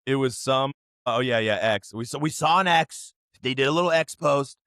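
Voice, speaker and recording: A man's voice: mid-range voice, normal speed, fairly bright tone, clear, resonant tone, no echo, studio quality. A man hosting a podcast, ranting in casual chat with lots of filler words and swearing. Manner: rambling, profane, heavy use of "like". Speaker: podcast host.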